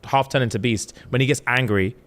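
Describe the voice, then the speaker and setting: A young man, casually retelling a book plot on a podcast with lively, animated delivery. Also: mid-range voice, fairly quick. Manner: animated storyteller, jumps into loud acted quotes. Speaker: podcast co-host. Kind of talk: casual chat, retelling a book with acted voices.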